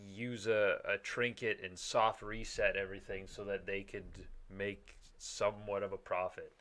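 Man, casual chat, bright forceful tone, slightly low, rambling, restarts, swearing. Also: flat delivery, a little slow.

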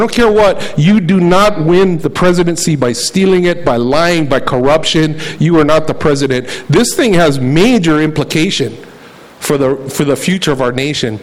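A man's voice: a little high, rough recording. A man preaching a sermon in a conversational, fervent way, often repeating words as he searches for them. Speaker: pastor.

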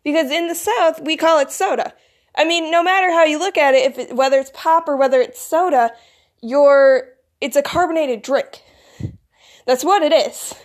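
Rambling teenage girl, high voice. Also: normal speed. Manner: filler-heavy, rambling, lots of "like". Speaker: vlogger. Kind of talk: casual rambling monologue.

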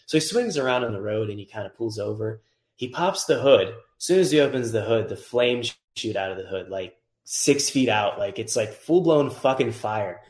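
A man's voice: fairly low pitch, moderate pace. A man who tunes cars, telling a story in a casual chat, swearing freely and acting out the voices of the people in it. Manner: animated, swears freely, acts out voices in stories. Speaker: guest, car tuner. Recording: roomy echo.

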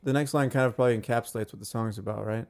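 A man's voice: medium pitch, fairly even intonation, racing, over a noisy crowd. Easygoing young man, friendly chat. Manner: easygoing, agreeable, jokey asides. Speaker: podcast co-host. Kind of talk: casual chat.

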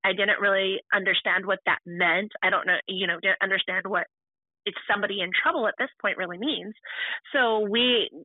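Woman guest recounting her own past, halting and restarting often; thin phone-line sound. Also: mid-range voice, fairly even intonation, dry recording. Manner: halting, full of restarts and fillers. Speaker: podcast guest. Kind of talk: personal storytelling.

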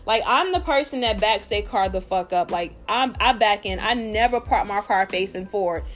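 A woman's voice: mid-range voice, moderate pace, fairly bright tone, faint music behind. A woman telling a workplace story in a casual, blunt and profane vlog style.

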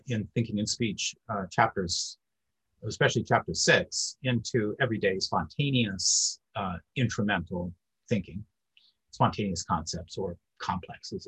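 A man's voice: fairly low pitch, fairly bright tone, breathy edge, low-quality recording. A man giving an academic lecture in a discursive way, with frequent fillers.

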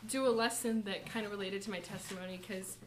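A young woman shares her testimony and a brief lesson with a church college group in a steady, medium-pitched tone, with slight background noise. She is soft-spoken and halting, using many fillers and laughing nervously.

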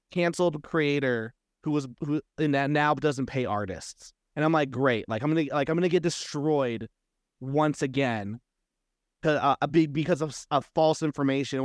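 A man's voice: mid-range voice, dry recording, clean studio sound. A man as an interview guest, telling a story casually and acting out quoted exchanges. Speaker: comic book creator, guest.

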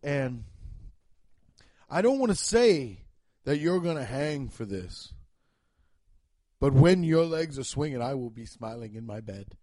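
A man's voice: mid-range voice, very animated, a little slow, long pauses, warm tone, no echo, studio quality, pitched below the performer's own voice. A man voicing a blustering, pompous male courtroom judge who bellows his rulings in a theatrical, bombastic way. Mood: menacing, mock-solemn.

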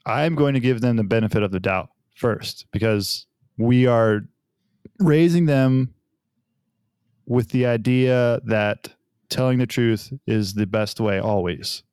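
A man's voice: medium pitch, takes it slowly, clear, resonant tone, no echo, clean studio sound. A man in his thirties, a father of young children, talking casually and telling family stories, sometimes acting out what others said. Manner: relaxed storytelling, acts out family dialogue. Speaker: podcast guest, father. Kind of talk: casual conversation.

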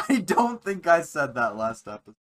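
A man's voice: on the high side, sing-song, normal speed, a bit bright. A man co-hosting a podcast, rambling and laughing as he tells stories in casual chat. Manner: rambling, trails off and restarts, laughs often. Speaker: podcast co-host.

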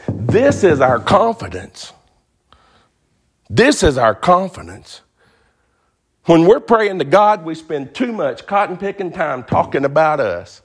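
A man's voice: fairly high pitch, breathy edge. A male pastor preaching a sermon in a folksy, emphatic way, repeating phrases for stress.

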